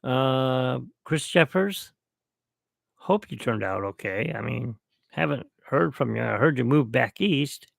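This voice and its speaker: A man's voice: medium pitch, expressive, slow, vocal fry, no echo, clean studio sound. A middle-aged man hosting a solo podcast toast, rambling and reminiscing at his own pace. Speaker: podcast host. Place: at home, alone.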